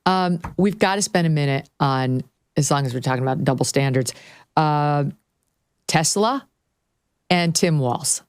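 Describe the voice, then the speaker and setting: A woman hosting a political talk show, speaking in a brisk, sardonic, conversational way. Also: low-pitched, smooth, no room sound. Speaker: podcast host. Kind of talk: political commentary.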